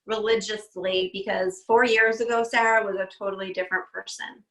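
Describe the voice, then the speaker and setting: A woman's voice: medium pitch, fairly even intonation, a little fast, a bit bright. A woman in her forties, a guest on a video call interview, talking in an upbeat, chatty way and laughing often. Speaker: guest, speech pathologist. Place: home room. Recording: roomy home video call audio.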